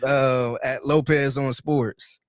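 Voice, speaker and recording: Easygoing man co-host, close dry sound, hesitant and agreeable in relaxed sports banter. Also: mid-range voice, takes it slowly, no room sound. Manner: laid-back, agreeable, hesitant restarts. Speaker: podcast co-host. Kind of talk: casual sports chat.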